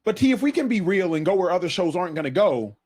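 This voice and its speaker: A man's voice: sits high, very animated, fast talker, a little mellow, husky. A man hosting a sports talk show debate, playful and provocative, always pushing questions at the panel.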